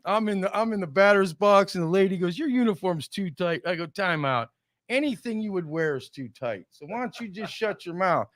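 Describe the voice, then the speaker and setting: A man's voice: sits high, a little fast, no echo, studio quality. A middle-aged man, hosting a talk show and acting out stories with quoted voices and laughs. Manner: animated storyteller acting out quotes, laughs often. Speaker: podcast host. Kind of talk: casual chat, storytelling.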